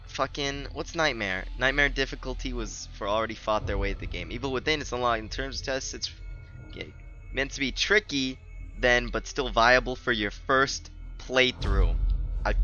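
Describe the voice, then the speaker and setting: A man's voice: mid-range voice, normal speed, sharp tone, dull audio, soft background music. A man giving rambling, profane, joking commentary while playing a video game. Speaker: gamer. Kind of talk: let's play commentary. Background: game audio.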